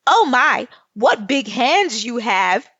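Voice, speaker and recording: Woman doing a cheeky little girl in a storybook, high and loud, slightly gravelly, dull lo-fi sound. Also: lively intonation, normal speed, no room sound, exaggerated voice. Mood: teasing. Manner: high, bright, loud exclamations. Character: witty bold little girl, teasing.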